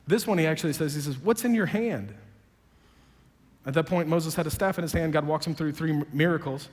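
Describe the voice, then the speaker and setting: A high-voiced man preaching in a large hall, his words trailing off in long reverb. He tells dialogue in a conversational way, with a sarcastic edge, and climbs to loud, emphatic peaks. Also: brisk. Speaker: pastor. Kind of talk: sermon.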